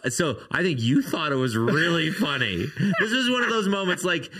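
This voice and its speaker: A man's voice: a little high, lively intonation, moderate pace, sharp tone. A man co-hosting a casual podcast chat, teasing his co-host in dry banter.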